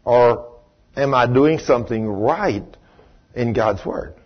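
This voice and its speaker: A man's voice: mid-range voice, slow pace, husky, highs cut off. A man preaching a storytelling sermon in a conversational way, full of "you know".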